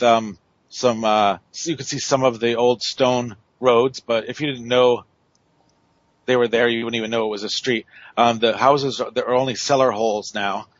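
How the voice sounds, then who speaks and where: A man's voice: medium pitch, no room sound, lo-fi sound. A man telling a story on a radio show, rambling with many fillers and restarts. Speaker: paranormal investigator guest.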